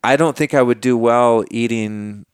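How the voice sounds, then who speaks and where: A man's voice: mid-range voice, measured pace, smooth, no echo, studio quality. A man in his forties, a podcast guest, telling a story in a laid-back, slangy way. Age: 40s. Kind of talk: casual storytelling chat.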